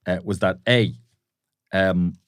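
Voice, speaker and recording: An Irish man in his fifties, a TV presenter chatting casually and telling relaxed anecdotes. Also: sits low, slow pace, clean tone, no room sound, studio quality. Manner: relaxed anecdotes, puts on voices for fun. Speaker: TV presenter, guest. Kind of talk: casual chat.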